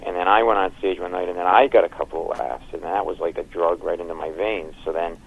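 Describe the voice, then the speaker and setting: A comedian in his fifties from Providence, Rhode Island, speaks with a low, steady voice and vocal fry in a lo-fi recording. During an interview he rattles off animated anecdotes, acting out other people's voices and laughing.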